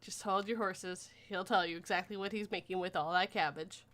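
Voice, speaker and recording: A woman's voice: lowish voice, steady tone, a little fast, fairly bright tone. A woman hosting a casual livestream chat, giggly and punny, reading viewer messages aloud. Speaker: podcast host.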